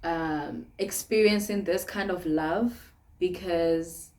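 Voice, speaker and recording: A woman's voice: on the low side, slow, warm tone. A young woman with a South African accent chatting casually to camera in a sit-down vlog, laughing often between phrases. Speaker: vlogger.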